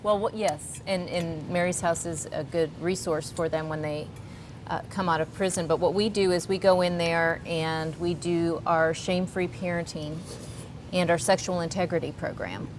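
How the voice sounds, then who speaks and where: Female talk-show guest, earnest and eager, slightly low voice. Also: fairly even intonation, normal speed, noisy background. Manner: earnest, enthusiastic. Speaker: guest, counseling ministry leader.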